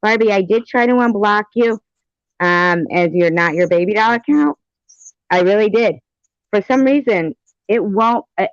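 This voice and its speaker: Woman host of a home live stream: gravelly, unhurried, rambling chat with silly sing-song bits, dull lo-fi audio. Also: on the low side, dry recording.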